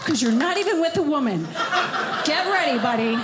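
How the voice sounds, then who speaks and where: A woman performing a stand-up comedy set on a club stage, working the crowd with animated, loud outbursts. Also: high voice, a little fast, heavy background noise.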